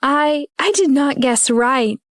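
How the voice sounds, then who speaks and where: A woman reading the lines of an excitable, cheeky young pregnant woman in a raised, eager voice. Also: sits high, takes it slowly, no room sound, studio quality, pitched above the performer's own voice.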